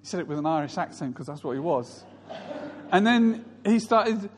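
A man's voice: fairly high pitch, expressive, moderate pace, long reverb tail. A male pastor preaching a sermon, telling stories and mimicking other people's voices.

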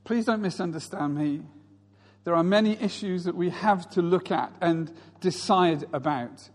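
Male preacher, husky high voice, storytelling sermon, reverberant hall. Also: normal speed. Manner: storytelling, mimics others in raised voices. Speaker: pastor.

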